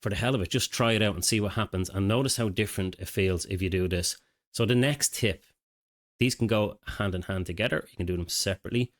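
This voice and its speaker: A man's voice: lowish voice, fast. A middle-aged man, a mindset coach, giving a casual, conversational self-help talk to camera. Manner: casual, conversational, with filler phrases and restarts.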